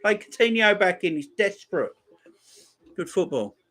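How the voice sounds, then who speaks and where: A man's voice: high-pitched, lively intonation, moderate pace, fairly bright tone. A man in his forties giving chatty live football watchalong commentary and bantering with his chat. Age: 40s. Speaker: streamer.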